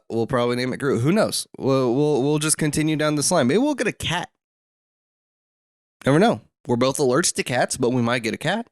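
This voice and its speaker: Brief: young male podcast host, low, smooth voice, dry close sound, rambling with fillers, scratchy throat. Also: no room sound. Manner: rambling, many fillers and restarts. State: throat rough, coughing. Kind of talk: solo podcast chat. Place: room at home.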